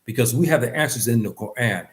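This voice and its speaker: Earnest male religious teacher lecturing. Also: fast. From West Africa. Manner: earnest, repeats phrases, pitch rises on key points.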